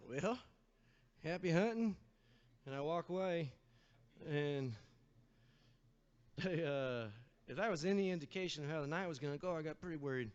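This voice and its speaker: A man's voice: a little high, expressive, normal speed, pauses often, clean tone. A man, a singer-guitarist, telling a loose, swearing story on stage between songs at a live bar show. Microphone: stage vocal microphone. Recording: slightly dull live-stream sound with guitar.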